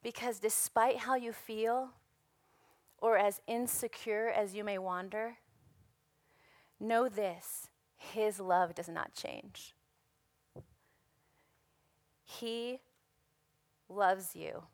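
A hoarse woman delivers a sermon in an unhurried, deliberate way. Her preaching is earnest and emphatic, and she leans on repeated phrases. The sound is dry and close. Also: mid-range voice, no echo. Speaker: women's ministry speaker.

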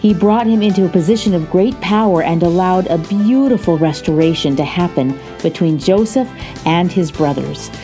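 A female announcer reading a scripted introduction to a sermon program in a smooth, measured way. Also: lowish voice, warm tone, faint music behind.

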